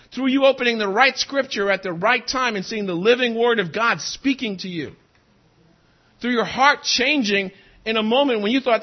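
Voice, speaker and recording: A male pastor with a strikingly high voice preaches in an animated way and keeps putting questions to the congregation. The recording sounds dull and lo-fi. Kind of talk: sermon.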